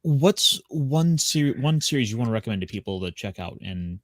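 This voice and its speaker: A man hosting a casual anime talk show, relaxed and jokey as he steers the conversation. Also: mid-range voice, moderate pace, no room sound, clean studio sound. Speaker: podcast host. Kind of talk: casual chat.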